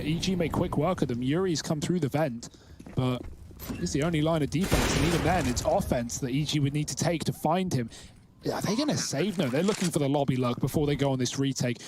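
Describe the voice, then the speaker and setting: A man calling live esports play-by-play, quick and chatty as he breaks down tactics. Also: a little high, heavy background noise. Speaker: esports caster.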